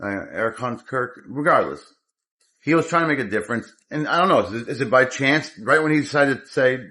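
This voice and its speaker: A man's voice: mid-range voice, animated, brisk, sharp tone. A man giving an angry, profane political rant as a commentator, rambling with many restarts.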